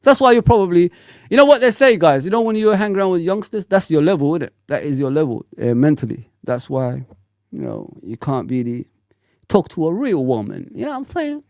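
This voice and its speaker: A man in his forties hosts a fan livestream and rants bluntly in a casual, slang-filled way. His voice sits somewhat high and swings widely in pitch. The sound is close and dry, with no room echo. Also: a little fast. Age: 40s. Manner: animated, blunt, ranting, slangy. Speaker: football fan channel host.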